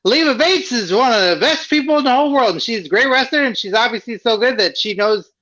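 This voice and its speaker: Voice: mid-range voice, animated, fast, pushed and bright, dull audio. A performer voicing a naive, childlike wrestling sidekick who rambles earnestly and turns weepy. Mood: rambling. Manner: rambling and earnest, tearful at times. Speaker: sidekick co-host. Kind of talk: comedy wrestling sketch.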